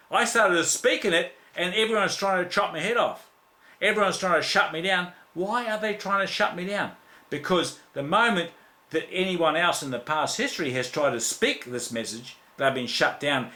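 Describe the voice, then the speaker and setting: A man's voice: on the high side, pushed and bright, roomy sound. An Australian man preaching an impassioned sermon, repeating emphatic declarations, with many fillers and restarts.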